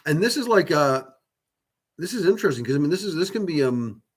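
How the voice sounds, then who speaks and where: His voice runs on the high side and is slightly rough, brisk and very animated. As a channel host, he talks casually and at length to viewers about spiritual subjects, rambling with many fillers, false starts and casual curses.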